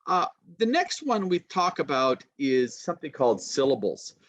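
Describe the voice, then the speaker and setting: A man teaching pronunciation in an online lecture, modeling words slowly and clearly and praising students warmly. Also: fairly high pitch, sing-song, dry recording. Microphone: video call. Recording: dull, dry online call audio.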